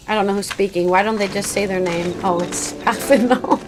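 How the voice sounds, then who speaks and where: A woman's voice: medium pitch, slow, pauses often, slight background noise, poor audio. A young woman streaming a game, chatting casually and reacting with giggles. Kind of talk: casual live-stream commentary. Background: game music.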